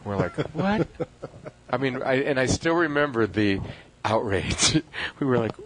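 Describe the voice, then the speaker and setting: A man's voice: mid-range voice, animated, normal speed, a bit bright, slight background noise, low-quality recording. A middle-aged man hosting a radio talk show, chatting casually with many fillers and easy laughs. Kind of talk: casual chat. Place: restaurant.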